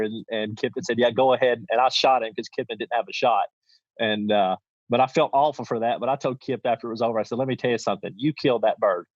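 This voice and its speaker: A man's voice: mid-range voice, no echo. A middle-aged man, telling a hunting story in a folksy, rambling way full of restarts. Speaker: podcast guest, champion goose caller. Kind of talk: casual storytelling. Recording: dull lo-fi dry sound.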